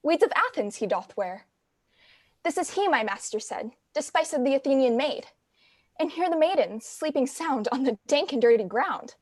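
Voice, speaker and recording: A woman playing the mischievous fairy Puck, speaking verse slowly and deliberately in a community theatre reading. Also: a little high, dry recording, studio quality, lightly acted.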